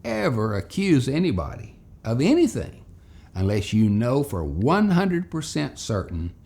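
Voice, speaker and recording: A man telling a childhood story as a moral lesson for children and parents, in an animated, folksy way. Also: mid-range voice, a little slow.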